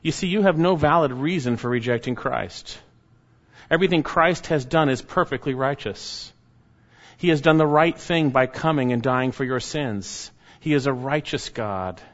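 A man preaching a sermon, pressing each phrase slowly and letting it sink to a hush at the end. His voice rings with a long hall echo, and the recording sounds dull and lo-fi. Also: mid-range voice. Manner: slow, emphatic preaching that drops quiet at phrase ends.

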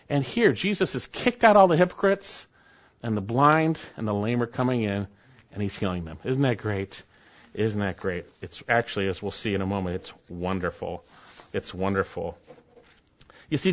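Casting note: male pastor preaching an expository sermon, emphatic, repeats lines, dynamic swings, slightly dull audio. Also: fairly low pitch. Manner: emphatic, repeats key phrases, swings from loud to soft.

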